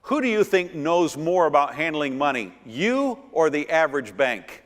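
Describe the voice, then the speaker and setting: Emphatic middle-aged pastor in an echoey hall. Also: male voice, a little high, sing-song, normal speed. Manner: emphatic, repeats words, asks the audience rhetorical questions. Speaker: pastor and seminar speaker. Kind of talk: church finance seminar teaching. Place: church hall. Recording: long echo of a church hall.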